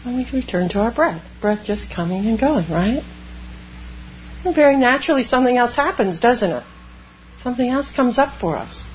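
A woman Zen priest giving a dharma talk, animated, laughing often and acting out inner voices. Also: fairly high pitch, moderate pace, lo-fi sound, a little hiss or hum.

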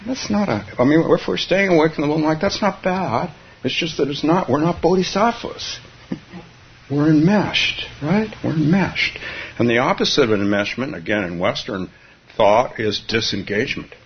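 A man's voice: on the high side, animated, normal speed, slight background noise. A man from California giving a Zen dharma talk, musing aloud with frequent chuckles and restarts. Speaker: Zen teacher. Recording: dull lo-fi recording.

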